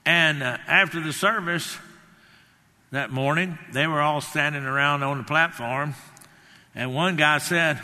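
Older preacher with a sharp, forceful voice. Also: male voice, a little high, measured pace, in a large hall. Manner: emphatic, acts out quotes, rambling anecdotes. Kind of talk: sermon.

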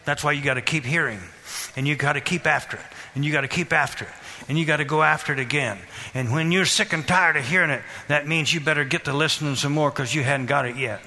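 A man preaching a sermon, questioning the congregation and repeating phrases in a steady rhythm. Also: fairly high pitch, fast talker, few pauses. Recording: reverberant hall.

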